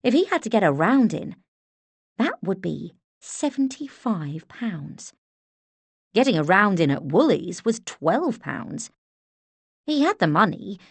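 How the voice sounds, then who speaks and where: A woman narrating an audiobook in a measured, expressive storytelling manner. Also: medium pitch, husky, no echo. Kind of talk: scripted narration.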